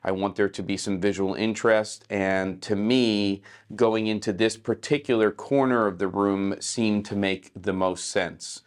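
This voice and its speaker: A man hosting a casual how-to talk in a small hotel suite, relaxed and conversational with a morning voice. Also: fairly low pitch, a little slow, clear, resonant tone. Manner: relaxed, conversational, many fillers. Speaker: filmmaker host.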